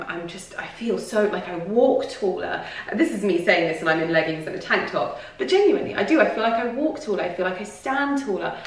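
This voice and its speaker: A woman's voice: fairly low pitch, vocal fry, distant mic. A woman vlogger chatting to camera in a rambling, confiding way, full of restarts and fillers. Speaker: lifestyle vlogger. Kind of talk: casual personal talk to camera. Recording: very echoey room, voice from off the mic.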